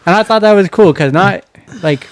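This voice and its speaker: Dude cohosting a wrestling pod, clear voice, stumbles and restarts a lot, pretty dry sound. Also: male voice, sits high, dry recording. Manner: easygoing, halting restarts, enthusiastic. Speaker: podcast co-host. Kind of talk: casual wrestling chat.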